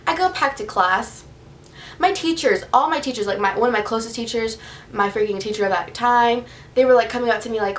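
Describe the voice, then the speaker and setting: A young woman vlogger telling a casual storytime, acting out every quote with sudden jumps in pitch. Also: quick pace. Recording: slightly distant mic with faint noise.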